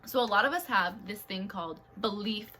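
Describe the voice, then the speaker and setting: Woman co-host, bright sharp tone, animated casual chatter with lots of fillers. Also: mid-range voice, brisk, a little hiss or hum. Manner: animated, laughs often, many fillers. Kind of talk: casual podcast chat.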